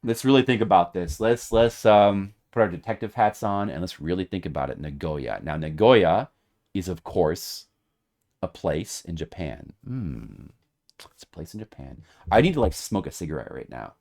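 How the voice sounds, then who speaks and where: Theatrical male streamer, low voice. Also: lively intonation, moderate pace, vocal fry. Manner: mock-dramatic, swings between loud hype and muttered whispers. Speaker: streamer playing a retro game. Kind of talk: casual gameplay commentary. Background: video game music.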